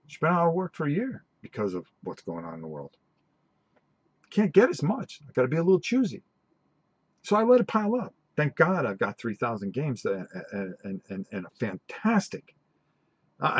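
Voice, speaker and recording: A middle-aged man hosting a tabletop gaming channel, telling stories in a rambling, animated way with many restarts during a live-stream chat. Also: a little high, husky, dry recording, dull audio.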